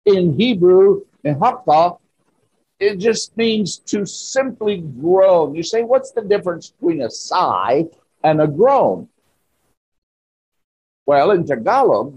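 Slow, husky-voiced preacher man. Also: a little high, darkish tone, poor audio. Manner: slow, emphatic preaching with rising exclamations. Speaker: pastor. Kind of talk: sermon. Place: church.

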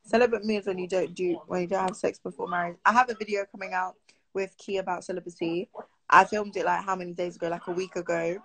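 A woman's voice: on the low side, fairly even intonation, fast talker, fairly bright tone, poor audio. A teenage girl from Britain, chatting casually on a live stream and answering viewer comments aloud.

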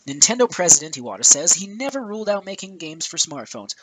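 A man's voice: on the high side, big pitch swings, fast talker, hardly any pauses, a bit bright, poor audio. A man hosting a gaming video, ranting angrily and swearing often with exasperated sighs, recorded on a headset with some static. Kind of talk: angry rant. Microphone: new headset.

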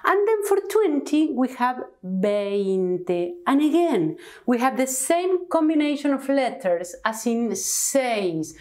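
A woman from Argentina with an Argentine Spanish accent, teaching an online Spanish lesson with slow, careful enunciation. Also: high voice, lively intonation, a little mellow.

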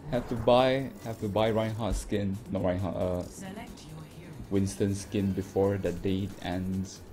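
Very low-voiced woman gamer. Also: fairly even intonation, takes it slowly, music in the background. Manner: casual, swears lightly, laughs often. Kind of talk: casual gaming chat.

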